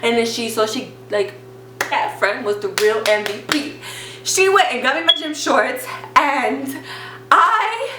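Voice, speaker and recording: A chatty young woman telling a story to her viewers, with "like" dropped into nearly every phrase. Her voice sits a little high and sounds bright. It echoes around a bare room with a faint hum behind. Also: a little slow. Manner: chatty, constant "like" fillers, animated retelling. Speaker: vlogger. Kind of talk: storytime vlog, casual chat.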